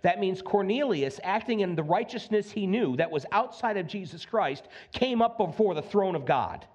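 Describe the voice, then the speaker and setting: A man preaching a sermon to his congregation in a lively, conversational way, often checking in with "okay?" and acting out voices. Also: high-pitched, fairly quick, few pauses. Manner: animated, conversational, acts out voices, keeps asking "okay?". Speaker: pastor. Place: church sanctuary.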